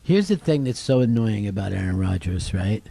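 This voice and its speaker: A man's voice: on the low side, normal speed, gravelly. A man hosting a radio talk show, telling profane sports stories in casual banter and mocking the people he quotes. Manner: profane, animated storytelling with mocking quoted voices.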